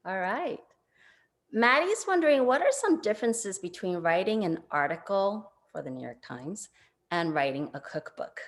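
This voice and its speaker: Low, lively-voiced librarian woman. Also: normal speed. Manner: brief, reads questions aloud. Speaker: school librarian and moderator.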